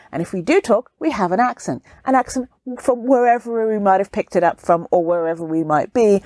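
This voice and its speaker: A woman's voice: lowish voice, darkish tone, no echo, clean studio sound. A woman hosting a solo podcast on careers, talking conversationally and acting out quoted questions in a raised voice. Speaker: podcast host, career coach.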